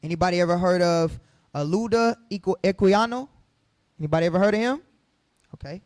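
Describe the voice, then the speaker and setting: A man teaching from the Bible to a group, fiery and preachy, firing questions at the room and rising to shouts. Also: high voice, brisk, no room sound.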